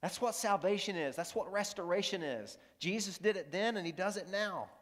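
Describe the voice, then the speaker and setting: Earnest preacher with a high-ish voice in an echoing hall. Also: male voice, moderate pace, fairly bright tone. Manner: earnest, repeats lines for emphasis, asks the audience questions. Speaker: pastor. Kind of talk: sermon. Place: high school auditorium. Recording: long hall reverb from the auditorium.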